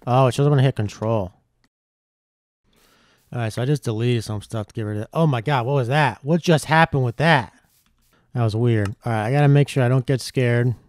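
A man giving casual gameplay commentary, excitable and swearing a lot, yelping when startled. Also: medium pitch, brisk. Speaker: gaming YouTuber.

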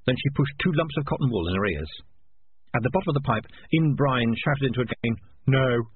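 A man reads a storybook aloud with a lively, rising and falling voice, his pitch right in the middle of the range. The recording is thin and phone-like, with a faint hiss behind it. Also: brisk. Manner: lively, expressive reading. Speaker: audiobook narrator. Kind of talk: storybook narration.

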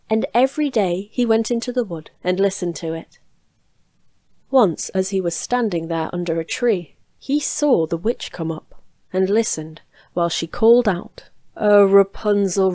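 Woman reading a fairy tale, calm and even, mid pitch, dry close home studio sound. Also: no echo. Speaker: storyteller.

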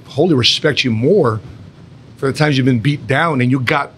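Man, roundtable host, motivational, speaks to viewers directly, slightly distant sound, faint rumble. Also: moderate pace, a bit bright. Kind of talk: addressing viewers in a talk.

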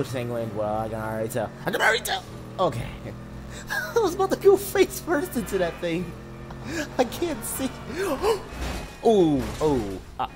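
Excitable young man commenting on gameplay. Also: on the high side. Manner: excitable, jokey, laughs and shouts a lot. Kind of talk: live let's-play commentary. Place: home room.

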